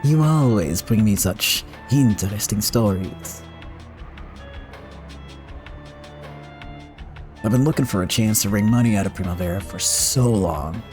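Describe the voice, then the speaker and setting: A man voicing a scheming, smug male gang boss in an exaggerated fake accent, oily and shamelessly flattering. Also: medium pitch, natural voice.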